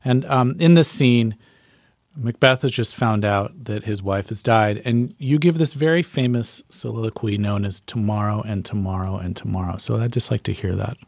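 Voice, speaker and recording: A man's voice: on the low side, moderate pace, vocal fry, darkish tone, no echo. A man hosting an interview, asking friendly, casual questions with easy fillers. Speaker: interviewer, host.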